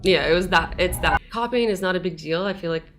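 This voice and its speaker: A woman's voice: fairly low pitch, brisk, music in the background. A woman guest in an interview, speaking earnestly. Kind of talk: conversational interview.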